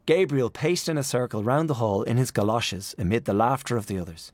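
A man reading a literary story aloud in a measured, expressive narration. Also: medium pitch, dry recording. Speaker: audiobook narrator.

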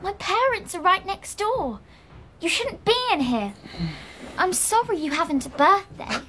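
Woman doing an indignant teen girl, very high, bright, lively voice, audio drama. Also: a little hiss or hum, full character voice. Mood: puzzled. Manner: indignant, quick questioning. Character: startled, sharp-tongued teenage girl.

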